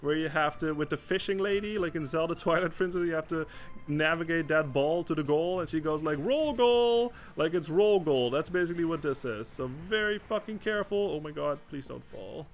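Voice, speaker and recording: Young guy streaming a game, cursing a lot, kinda high voice, stumbles over words, little music behind. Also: brisk. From Netherlands. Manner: swearing, exasperated, stammering restarts. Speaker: gaming streamer. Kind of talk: casual gameplay commentary.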